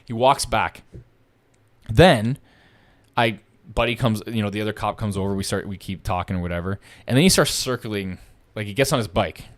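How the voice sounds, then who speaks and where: Telling a story on a laid-back podcast, a young man speaks at a moderate pace in a lowish voice. He's profane and animated, performing what the other people said.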